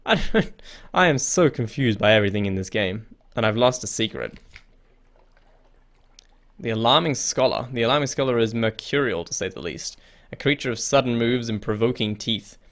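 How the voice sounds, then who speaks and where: A man's voice: mid-range voice, moderate pace, a bit bright. Man reading a game aloud, chuckling and puzzled. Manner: reads game text aloud, chuckles, easily confused, casually profane. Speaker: let's play gamer. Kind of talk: casual gameplay commentary.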